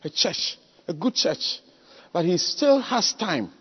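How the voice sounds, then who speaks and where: A man preaching a sermon, telling stories with sudden loud exclamations. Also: high-pitched, big pitch swings, takes it slowly, slightly rough. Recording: echoey hall, dull lo-fi sound.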